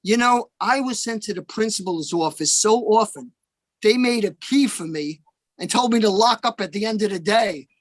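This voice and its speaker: A man telling deadpan stand-up one-liners over a video call at an open mic. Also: high-pitched, normal speed, dry recording.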